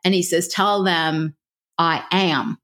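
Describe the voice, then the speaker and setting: A woman's voice: on the low side, steady tone, slow pace, a bit bright. A woman hosting an interview, casual and self-deprecating as she asks questions. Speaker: host. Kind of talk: interview conversation.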